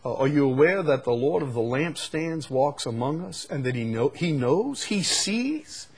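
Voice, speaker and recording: Husky preaching man, loud emphatic swings. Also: on the high side, expressive, unhurried. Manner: swings from quiet musing to loud emphatic outbursts. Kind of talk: sermon.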